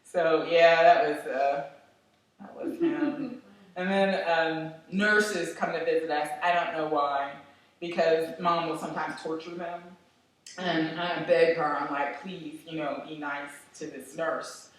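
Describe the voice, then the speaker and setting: A middle-aged woman telling personal stories in a lively, animated way, laughing often. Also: sits low, unhurried. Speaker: storyteller. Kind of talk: personal storytelling. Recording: echoey room, mic far off.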